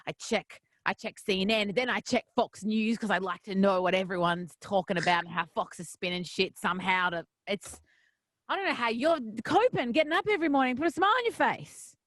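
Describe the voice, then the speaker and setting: A woman's voice: mid-range voice, brisk, a bit bright, no echo. A bubbly, teasing woman hosting a casual radio interview from a studio. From Australia. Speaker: radio host. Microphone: headphones and studio mic.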